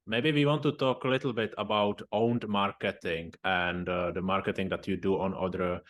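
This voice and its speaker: A man hosting a casual interview, halting and searching for his words. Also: low voice, steady tone, a bit bright. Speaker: podcast host.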